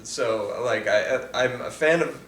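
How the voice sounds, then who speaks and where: A man's voice: medium pitch, a little slow, fairly bright tone. A man hosting a casual film commentary podcast, talking enthusiastically with lots of "like" fillers. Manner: chatty, enthusiastic, heavy "like" filler. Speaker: podcast host. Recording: roomy echo, distant mic, faint hiss.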